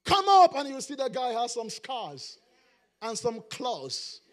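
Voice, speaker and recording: A middle-aged male pastor preaching a sermon, rising into shouted, sing-song emphasis. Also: very high voice, wildly swooping pitch, slow pace.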